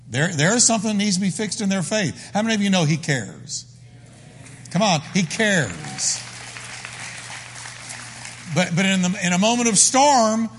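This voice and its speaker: A man's voice: a little high, in a large hall. A man preaching a sermon as the pastor, emphatic and full of repeated phrases.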